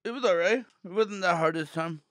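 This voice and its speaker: A man's voice: sits high, a little fast, fairly bright tone, no room sound. A Canadian man, a comedy podcast guest, giving short, dry, joking answers in a studio. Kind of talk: casual comedy podcast chat.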